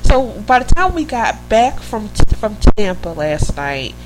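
A woman's voice: mid-range voice, sing-song, measured pace, over music, low-quality recording. A woman co-hosting a podcast in casual, rambling chat, laughing easily. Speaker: podcast co-host.

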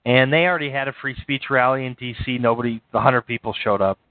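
A man's voice: mid-range voice, quick pace, no echo. A man hosting a live stream, giving blunt, profane, dismissive reaction commentary. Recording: dry, tinny phone-like sound.

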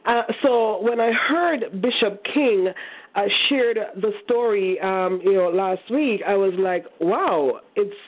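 A woman calling in to share a story, chatty, with many pauses and restarts. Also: mid-range voice. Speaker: caller. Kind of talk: casual phone testimony. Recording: tinny phone line.

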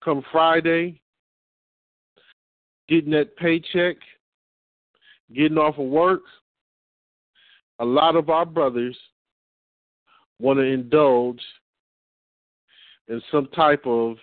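An emphatic male preacher lectures with insistent repetition, slowing down to stress each phrase. The audio is dry and tinny, as if heard over a phone line. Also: a little high, no echo. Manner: emphatic, repeats and reads slowly for stress.

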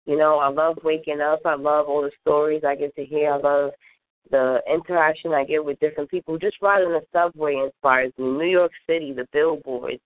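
A woman's voice: deep voice, fairly even intonation, a little fast. A woman rapper answering interview questions in an earnest, upbeat way. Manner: earnest and upbeat, lists things fondly. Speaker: guest rapper. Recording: tinny phone-line audio.

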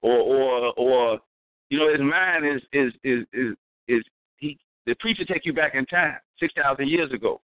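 A man telling stories in a casual chat, animated and profane, repeating words as he thinks. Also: mid-range voice, normal speed, no echo. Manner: animated, acts out voices in his stories. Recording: tinny phone-like sound, dry.

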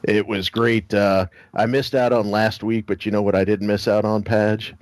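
A man's voice: on the low side, level tone, moderate pace, no echo, clean studio sound. A man guesting on a casual podcast, teasing and trash-talking the host between laughs.

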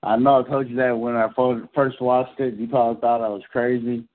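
Man, horror podcast co-host, enthusiastic, a little halting, tinny phone-like audio. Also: mid-range voice, flat delivery. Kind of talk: casual horror movie chat.

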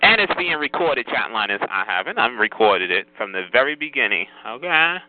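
A man's voice: medium pitch, very animated, brisk, no echo, narrow, tinny audio. A man hosting a phone chat line, scolding callers in a sassy way and calling everyone honey.

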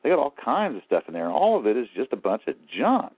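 A man's voice: medium pitch, huge pitch swings, fast talker, a little hiss or hum. A man as an interview guest, telling his story in a rambling, aggrieved way. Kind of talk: phone-in interview. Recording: tinny phone line.

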